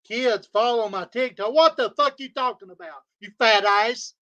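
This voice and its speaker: Guy going off on a livestream, high tense voice, cussing nonstop and repeating himself. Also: normal speed, hardly any pauses, bright, forceful tone. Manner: profane, heated, repetitive insults. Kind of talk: angry livestream rant. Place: home studio.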